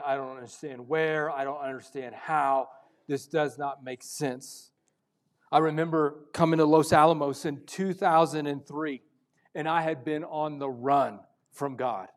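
A male pastor preaching a sermon, moving between loud urgent stretches and hushed, intimate ones. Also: on the high side.

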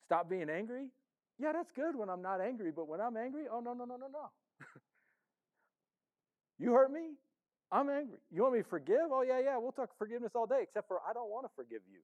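A male pastor preaching a sermon in a conversational, playful way, acting out the congregation's thoughts and swinging between loud emphasis and soft asides. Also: very high-pitched, expressive, a little fast, pauses often, muffled recording.

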